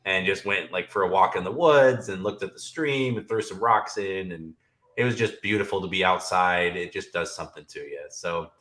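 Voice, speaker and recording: A man hosting a podcast, chatting in a relaxed, easygoing way. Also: sits low, normal speed. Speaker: podcast host. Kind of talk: casual podcast chat. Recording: roomy echo.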